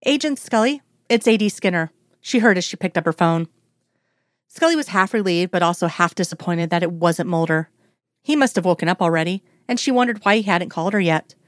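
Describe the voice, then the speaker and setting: Steady, low-voiced woman narrator. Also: brisk, no room sound, studio quality. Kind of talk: audiobook-style story reading.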